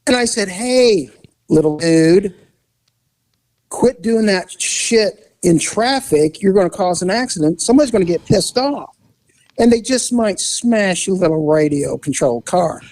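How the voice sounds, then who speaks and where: Animated storytelling ex-cop man. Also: sits high, measured pace, no room sound. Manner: animated, acts out voices and sound effects. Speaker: retired police officer telling stories. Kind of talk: casual storytelling chat.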